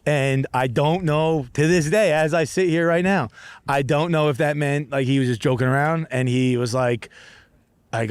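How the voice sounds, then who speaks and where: A man's voice: on the high side, fairly even intonation, normal speed, clean tone, dry recording. A man hosting a comedy podcast, telling a rambling, profane, self-deprecating story outdoors in a park, with frequent restarts.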